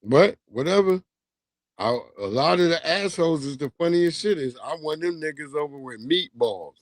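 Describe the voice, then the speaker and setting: A man's voice: on the high side, lively intonation, normal speed, no room sound. A man hosting a livestream, talking in a loose, profane, slangy way and laughing as he tells stories. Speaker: livestream host. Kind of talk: casual commentary monologue.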